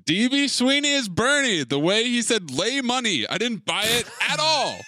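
A man's voice: very high voice, big pitch swings, moderate pace, bright, forceful tone, a little hiss or hum. A man co-hosting a casual movie podcast, handing out joke awards and quipping. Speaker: podcast co-host. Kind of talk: casual movie review chat.

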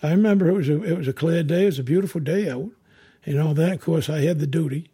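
Halting, rambling man telling a ghost story. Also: fairly high pitch, mellow, slightly rough. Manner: rambling, halting, with many restarts and repeated words. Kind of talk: spoken ghost story, first-person recollection.

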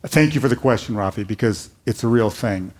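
Earnest older rabbi telling stories. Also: male voice, lowish voice, fairly quick. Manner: earnest storytelling, animated quotes. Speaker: rabbi, panel speaker. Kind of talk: live panel conversation. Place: hall before a live audience.

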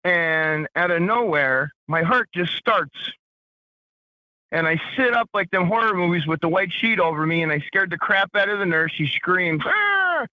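A man's voice: sits high, normal speed, no room sound. Man telling a wild story over a muffled line. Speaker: caller. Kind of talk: casual storytelling.

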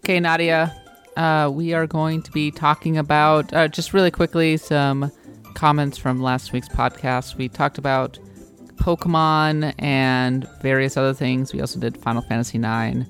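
A man co-hosting a casual podcast chat, talking in a relaxed way with frequent fillers and restarts. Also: fairly high pitch, normal speed, faint music behind. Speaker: podcast co-host.

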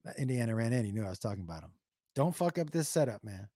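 A man's voice: medium pitch, racing, no room sound, studio quality. A man streaming to his live chat, telling stories casually, swearing a lot and doing silly noises. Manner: profane, animated, does silly noises. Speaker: comedian streamer reading chat.

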